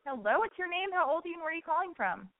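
This young woman's voice is very high, swinging widely in pitch as she talks rapid-fire over crowd noise. Hosting a radio call-in show through a thin, phone-like sound, she rambles, jokes, speaks bluntly and swears often in casual chat.

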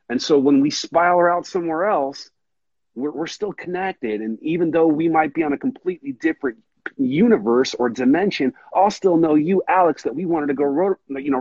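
Man, husky voice, rambling earnest podcast chat, dull dry lo-fi sound. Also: a little high, darkish tone, dry recording. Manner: rambling, earnest, says dude a lot. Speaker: podcast host. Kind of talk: casual chat.

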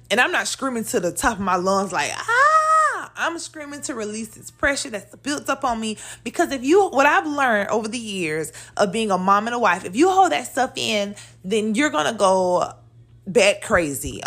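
Chatty high-voiced woman podcaster. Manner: candid, chatty, animated. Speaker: podcast host. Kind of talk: casual solo podcast talk.

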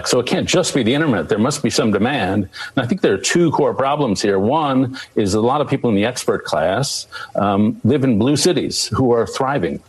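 A man answering as a guest in a discussion, laying out his points in a measured, orderly way. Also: mid-range voice, breathy edge, poor audio. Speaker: guest commentator.

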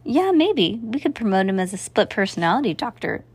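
A woman's voice: mid-range voice, very animated, fairly quick, darkish tone, slightly rough. A woman voicing a tall, skinny male clown who cracks cheeky jokes, reading a storybook. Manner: joking, cheeky.

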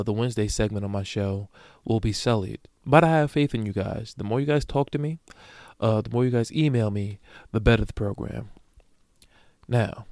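A man's voice: medium pitch, a little mellow, dry recording, clean studio sound. A man hosting his own podcast in a casual solo monologue, brash, profane and joking as he talks straight to his listeners. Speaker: podcast host.

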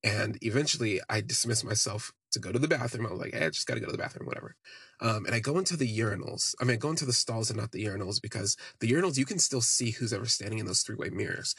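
This podcast host speaks fast and animatedly in a lowish, slightly bright voice with a breathy edge, barely pausing, and there's no echo. Recounting something from his own life, he's candid and rambling, peppering it with "like."

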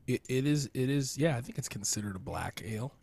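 Lively man in crude podcast banter. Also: mid-range voice, brisk, vocal fry, husky, no room sound. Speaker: podcast co-host.

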